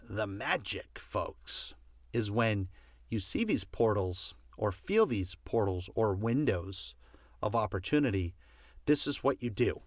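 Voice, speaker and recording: A man's voice: lowish voice, lively intonation, slow pace, dry recording, studio quality. A man giving a passionate motivational talk, stressing his points by repeating commands. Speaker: motivational speaker.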